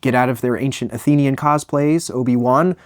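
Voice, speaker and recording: A young man spinning a funny personal story with animated energy and self-deprecating asides. His voice sits at an ordinary middle pitch, recorded close and dry with no room sound. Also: brisk, dry recording. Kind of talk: comedic storytime narration.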